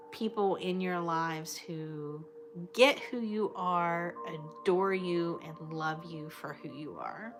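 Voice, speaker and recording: Affectionate, chatty woman over background music. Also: on the low side. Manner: chatty and affectionate, fond of terms of endearment. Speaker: livestream host. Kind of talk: casual livestream chat with viewers. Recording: clear music playing behind the voice.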